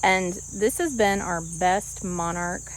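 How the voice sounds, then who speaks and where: A woman speaks candidly to the camera while standing outdoors on her rural homestead. Her voice sits at a middle pitch, and she laughs easily as she talks. Faint insect sounds and outdoor ambience run behind her. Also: slow, slight background noise, rough recording. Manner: candid, animated, laughs often. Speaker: homestead vlogger. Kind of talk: casual talk to camera.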